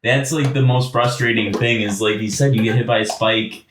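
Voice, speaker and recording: A man's voice: medium pitch, fairly even intonation, moderate pace, a bit bright, echoey room, slight background noise. A man co-hosting a game podcast, rambling with lots of fillers and wry complaints. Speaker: podcast co-host. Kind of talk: casual chat.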